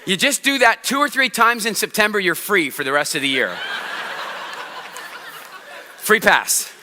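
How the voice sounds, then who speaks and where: A man giving a motivational talk on stage, telling stories with animated voices and asking the audience questions. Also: sits high, a little fast, background noise. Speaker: motivational speaker. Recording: long hall reverb on stage.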